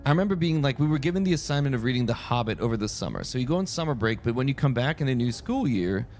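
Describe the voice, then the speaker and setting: A man's voice: mid-range voice, big pitch swings, rapid-fire, darkish tone, faint music behind. A man from France streaming a game, chatting casually in a rambling storytelling way that keeps breaking off and restarting. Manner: rambling, self-interrupting storyteller. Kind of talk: casual chat while playing.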